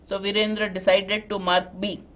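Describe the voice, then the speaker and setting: A woman's voice: mid-range voice, level tone, normal speed, fairly bright tone. A woman with an Indian English accent teaching a live online vocabulary class, explaining step by step and checking in with students.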